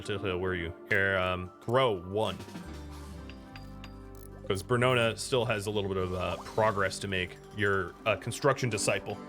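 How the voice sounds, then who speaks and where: An American man from the United States giving casual, chatty commentary while streaming a game, talking to viewers between moves. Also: fairly low pitch. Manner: chatty, talks to chat and to his pet between game moves.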